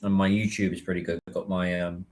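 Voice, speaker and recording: A man's voice: low voice, level tone, quick pace, darkish tone. A British man chatting casually on a phone livestream, reading out and answering viewer comments.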